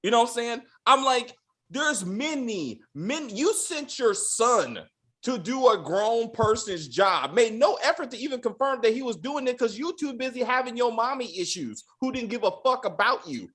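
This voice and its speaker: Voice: mid-range voice, expressive, moderate pace, a bit bright. A podcast host ranting casually and with a lot of profanity while reviewing a TV episode. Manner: profane, exasperated ranting with acted-out quotes.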